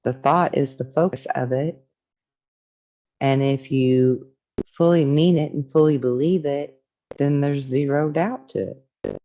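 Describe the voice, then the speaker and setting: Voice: medium pitch, unhurried, long pauses, dark tone, highs cut off. A spiritual teacher talking casually and reflectively, reading from a book and musing on its ideas.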